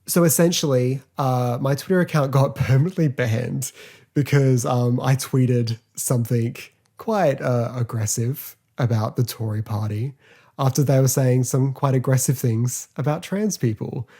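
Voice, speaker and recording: A man hosting a casual solo podcast review, talking in a chatty, rambling way full of fillers and quick laughs. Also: mid-range voice, warm tone. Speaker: podcast host.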